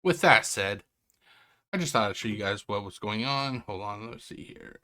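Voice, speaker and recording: A man hosts a react stream from indoors at home, offering casual commentary that rambles, turns sarcastic, and keeps interrupting itself. His voice is fairly low and sharp-toned, with lively intonation and a normal speed.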